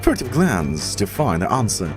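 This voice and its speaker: A man with a Russian accent reading the lines of a pompous, eccentric male detective in a theatrical, drawn-out way, with game music behind. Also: lowish voice, wildly swooping pitch, pitched below the performer's own voice. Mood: grandiose.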